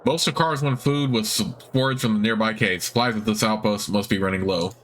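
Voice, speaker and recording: A man hosting a let's play, reading the game text aloud in a plain, even way with offhand asides. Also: lowish voice, brisk, a little hiss or hum.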